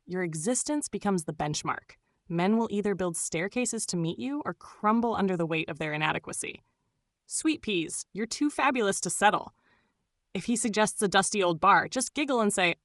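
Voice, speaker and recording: A woman's voice: mid-range voice, no room sound. Doting woman narrator, dry close sound. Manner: gushing, doting, full of pet names. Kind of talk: scripted narration.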